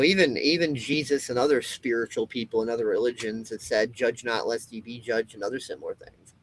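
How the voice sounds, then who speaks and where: A man's voice: medium pitch, fairly bright tone, husky, low-quality recording. A man hosting his own show, delivering an impassioned, rambling monologue with frequent swearing and restarts. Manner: rambling, emphatic, swears, restarts a lot, mocking quoted voices. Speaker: show host.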